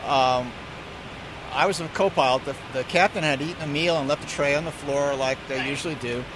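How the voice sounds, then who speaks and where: A male airline pilot tells a story in a relaxed, amused way, stumbling over a word now and then. His voice sits high for a man. Steady outdoor vehicle noise runs clearly behind him. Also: a little fast. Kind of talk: casual anecdote telling.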